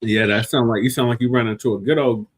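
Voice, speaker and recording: A man's voice: mid-range voice, fairly even intonation, no echo, low-quality recording. A man co-hosting an online talk show who drops in short quips and reads off the sign-off. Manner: chimes in with short quips, then reads the outro quickly. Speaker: co-host. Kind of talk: casual chat and show sign-off.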